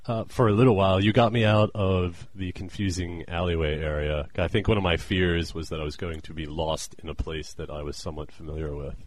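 A man's voice: low-pitched, a little fast, hardly any pauses, no room sound. A man co-hosting a casual comedic podcast, telling stories with lots of laughter. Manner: laughing, animated storytelling. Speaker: podcast co-host.

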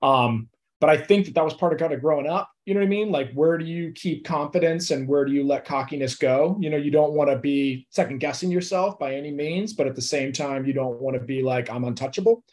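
A man's voice: on the high side, brisk, a little mellow. A young adult man, an actor guest in an interview, talking in a loose, laid-back way with lots of fillers and easy laughs. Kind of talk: casual interview chat.

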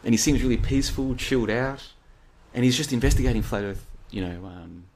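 A man's voice: medium pitch, brisk, darkish tone. A man hosting a solo late-night talk show, chatting in a rambling, digressive way and reading out listener comments. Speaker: podcast host.

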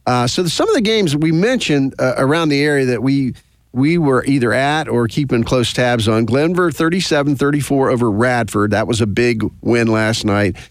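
A man hosting a weekly high school football radio show from a studio, chatting casually with lots of fillers. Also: lively intonation, normal speed, dry recording. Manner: easygoing, rambling with many fillers. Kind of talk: casual sports radio chat.

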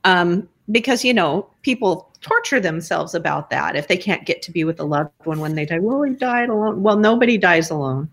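Low-voiced woman hosting an interview. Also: expressive, moderate pace, few pauses. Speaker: host.

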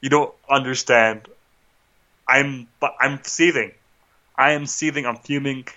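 Male podcast co-host, agitated ranter, bright edge, muffled home-recorded sound. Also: mid-range voice, fairly even intonation, measured pace. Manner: agitated, restarts, rhetorical "right?". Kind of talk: casual film rant.

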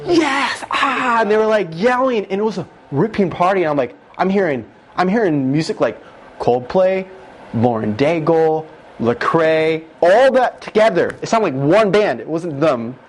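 A man giving an emotional testimony as a guest, retelling it with excited, animated emphasis that jumps up at key moments. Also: on the high side, normal speed.

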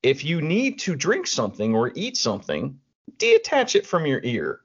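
A man co-hosting a podcast rants in loose, profane chat, stumbling over restarts. His voice is slightly high and husky, and his pitch swings widely. The recording is dull and lo-fi. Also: normal speed. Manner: animated, profane ranting with restarts. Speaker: podcast co-host. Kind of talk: casual chat. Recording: dull lo-fi audio.

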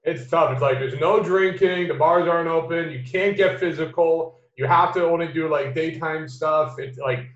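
An American podcast host with a fairly high voice chats bluntly and casually, swearing freely and laughing easily. He talks at a normal speed with hardly any pauses, and the recording sounds roomy, dull, and lo-fi.

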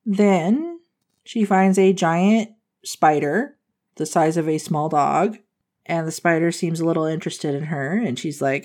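A woman with a lowish voice walks through a book's plot at a slow, easy pace. She tells it like casual chat with a friend, animated and quick to laugh. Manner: animated storytelling, laughs often. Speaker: book podcast host.

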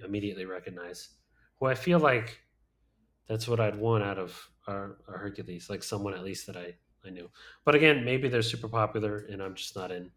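Chatting casually about films as a podcast co-host, this man has a lowish voice with a bit of brightness. His talk meanders, full of "um" and "like," broken up by frequent laughter.

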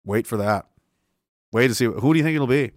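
A man hosts a livestream and rants with heat and plenty of swearing, circling back over the same words. His voice sits at an ordinary middle pitch. The sound is dry and close. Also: brisk, no echo. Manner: heated, profane, repetitive. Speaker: livestream host. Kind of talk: ranting livestream commentary.

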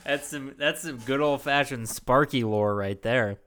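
Smooth-voiced man rambling on a podcast. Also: mid-range voice, measured pace, a bit bright. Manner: rambling, jokey, many fillers. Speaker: podcast host. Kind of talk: casual podcast chat.

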